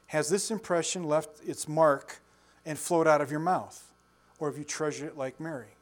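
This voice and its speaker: A man's voice: on the high side, steady tone, normal speed. A man in his sixties preaching a conversational sermon, telling folksy stories, chuckling often and putting questions to his listeners. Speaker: pastor.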